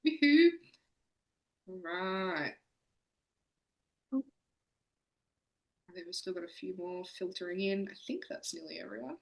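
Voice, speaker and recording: A woman hosting an online games night, chatty and excitable. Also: lowish voice, slow pace, creaky, long pauses, poor audio. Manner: excitable, chatty, laughs often. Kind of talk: casual hosting.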